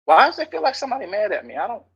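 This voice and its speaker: A man with a husky, raspy voice and a slightly high pitch leads a Bible study for an online group. He teaches in an animated way, teasing his listeners and sometimes dropping to a whisper for emphasis. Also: very fast, poor audio.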